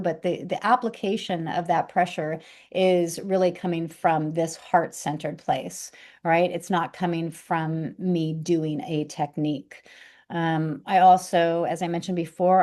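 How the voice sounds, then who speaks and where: A woman teaching a reflexology class in a gentle, unhurried and reflective way, with frequent fillers and restarts. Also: on the low side. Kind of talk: gentle instructional talk.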